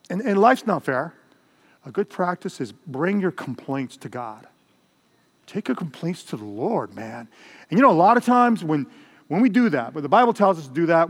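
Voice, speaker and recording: Older male preacher in a reverberant hall. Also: on the high side. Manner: conversational preaching with Spanish asides. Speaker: pastor. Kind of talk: sermon.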